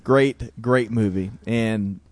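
A man hosting a relaxed interview, keen and encouraging, with plenty of quick agreement. His voice sits a little low. The recording is dry, with no room echo. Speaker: podcast host. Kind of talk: casual interview.

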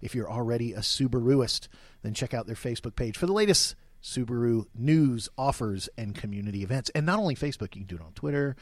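A man's voice: medium pitch, animated, fast, hardly any pauses, no echo, clean studio sound. A middle-aged man co-hosting a local business radio show, joking around and reading a sponsor spot in casual chat. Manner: jokey, throws out eighties trivia. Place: radio studio.

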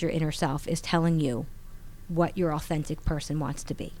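In a casual interview, a guest in her forties tells a personal story at normal speed. She's animated, acting out other people's voices and raising her pitch when quoting them.

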